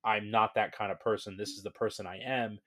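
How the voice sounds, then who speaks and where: A man co-hosting a casual podcast chat, talking in an animated way and acting out scenes. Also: fairly low pitch, a little fast. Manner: animated, laughing, acts out scenes. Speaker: podcast co-host.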